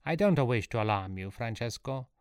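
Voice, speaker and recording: A man's voice: medium pitch, lively intonation, moderate pace, a little mellow, clean tone, dry recording, clean studio sound, close to an everyday voice. A man voicing an earnest, learned inventor in a storybook reading, speaking in an explanatory way. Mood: grave.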